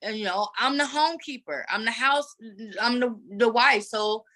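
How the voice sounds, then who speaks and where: Bright-voiced woman telling her story. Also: fairly high pitch, moderate pace. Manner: earnest, animated retelling. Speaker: guest advocate. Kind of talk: candid personal storytelling.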